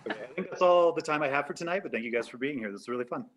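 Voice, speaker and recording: A man's voice: medium pitch, animated, rapid-fire, slight background noise. A man doing a stand-up comedy set over a video call, rambling and self-deprecating, with a lot of "like" fillers. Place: home set-up on a live stream.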